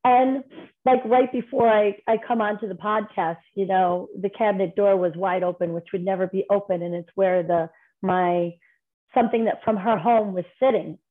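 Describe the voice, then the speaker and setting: A woman speaks as a guest in casual conversation, her voice at an ordinary middle pitch. She tells her stories candidly and rambles, restarting her sentences as she goes. The sound is thin and tinny, like a phone line. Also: fairly even intonation, moderate pace. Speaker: podcast guest.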